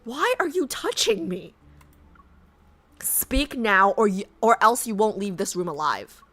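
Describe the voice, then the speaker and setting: A woman's voice: mid-range voice, very animated, a little slow, pushed and bright. A woman streaming herself reading a game story aloud. She reacts in brash, profane, indignant outbursts.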